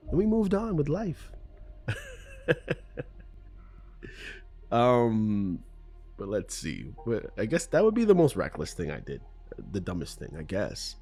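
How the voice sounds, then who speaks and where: A middle-aged Canadian man hosts a solo podcast in a low, mellow voice. His unscripted monologue wanders through personal stories as he corrects himself, says "um," and laughs.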